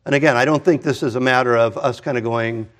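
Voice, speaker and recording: A pastor in his fifties delivers a conversational, animated sermon full of restarts and asides, speaking fast in a mid-range voice.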